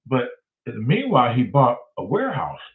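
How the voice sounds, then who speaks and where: A man, hosting and telling a profane, animated story, acting out both sides of the conversation. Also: mid-range voice, a little fast. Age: 60s. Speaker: host. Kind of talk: casual storytelling. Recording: tinny phone-like sound.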